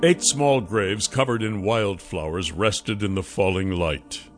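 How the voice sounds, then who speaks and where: A man narrating a fantasy audiobook in a measured, deliberate way. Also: fairly low pitch. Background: faint music.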